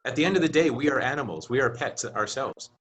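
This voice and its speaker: A man's voice: mid-range voice, lively intonation, quick pace, a bit bright. A man co-hosting a casual podcast chat over a video call, teasing and playful, slipping into little acted bits. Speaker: podcast co-host. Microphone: video call mic.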